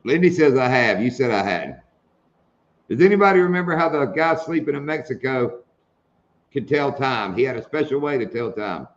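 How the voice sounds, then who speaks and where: A man's voice: mid-range voice, lively intonation, moderate pace, dull audio. A man hosting a casual live stream, telling jokes and laughing at them. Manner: joking storyteller, laughs at own jokes.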